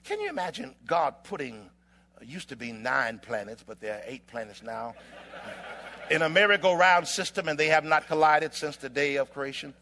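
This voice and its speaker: Over slight background noise, a preacher with a medium-pitched, sing-song voice delivers an impassioned sermon. He rises to shouts, lets dramatic pauses hang, and speaks in rhythmic, alliterative phrasing.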